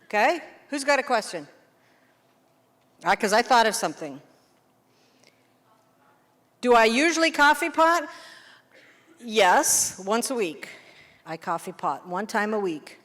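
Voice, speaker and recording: A woman teacher talks a roomful of people through a language game, quick and animated, often checking whether they follow. Her voice sits a little high. The hall gives it a long reverb tail. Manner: lively, animated teacher, quick questions to the room. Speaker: English teacher. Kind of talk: teacher workshop demonstration.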